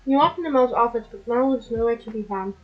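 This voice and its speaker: A woman streamer who is sick and sounds rough, casually reading a game's narration and characters aloud with chatty asides. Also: fairly high pitch, quick pace, highs cut off. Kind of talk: live-streamed game reading.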